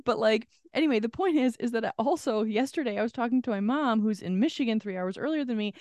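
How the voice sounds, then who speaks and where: A woman's voice: on the high side, fast talker, no echo, studio quality. A woman co-hosting a podcast, telling stories animatedly with lots of "like" and acted-out quotes. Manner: animated storyteller, heavy use of "like", acts out quotes. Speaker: podcast co-host. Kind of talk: casual chat.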